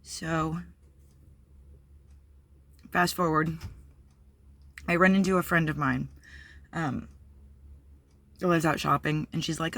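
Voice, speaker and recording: A woman's voice: lowish voice, fairly even intonation, slow, pauses often, a bit bright, no echo. A woman candidly telling a personal story on her vlog, blunt and profane, with many fillers. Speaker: vlogger.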